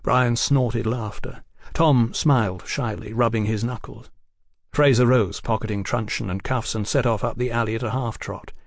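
A man narrating an audiobook in an expressive storytelling manner. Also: mid-range voice, moderate pace, gravelly, no room sound, clean studio sound. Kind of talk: scripted narration.

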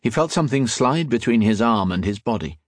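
Male audiobook narrator, husky, lively, dramatic, dry booth sound. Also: medium pitch, brisk, no room sound.

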